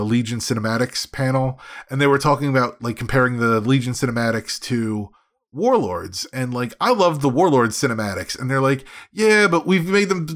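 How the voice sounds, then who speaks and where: A man's voice: medium pitch, a bit bright. A man leading a casual podcast chat about video games, talking in a rambling way with many restarts.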